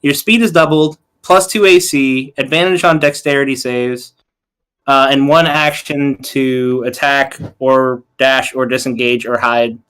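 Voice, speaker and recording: A man's voice: medium pitch, fairly even intonation, unhurried, a bit bright, smooth. A man playing a tabletop game, casually rambling through rule explanations with lots of fillers. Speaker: player.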